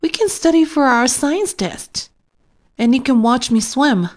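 A woman's voice: high-pitched, lively intonation, a little slow, voice pushed up. A woman voicing an earnest, chatty young schoolboy in a storybook reading. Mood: cheerful.

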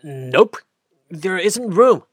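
A woman voicing a gruff, sleepy big mouse who sighs and answers curtly, in a children's radio drama. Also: lowish voice, expressive, drawn-out words, dry recording, studio quality, heavily acted. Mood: sleepy, dismissive. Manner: gruff, sighing and curt. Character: grumpy sleepy big male mouse, older brother.

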